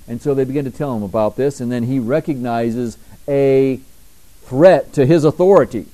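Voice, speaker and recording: Man preaching with a mellow voice. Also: rough recording. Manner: reads scripture slowly and emphatically, rising in pitch and volume; conversational asides, dropping quieter between readings. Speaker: pastor. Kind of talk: sermon. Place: church.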